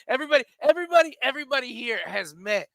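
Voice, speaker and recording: A man's voice: very high voice, animated, very fast, gravelly, bright, forceful tone, no echo. A man co-hosting a comedy radio talk show, telling jokey stories and acting out the voices he quotes. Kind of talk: casual comedy radio banter.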